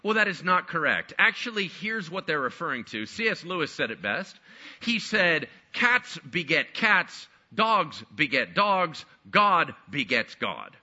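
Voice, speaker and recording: A man preaching a sermon in a high, very bright voice that swings up and down through its range. He is animated and slips into the voices of doubting listeners. The sound is a little dull and lo-fi. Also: measured pace. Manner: animated, acts out skeptical listeners. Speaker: pastor.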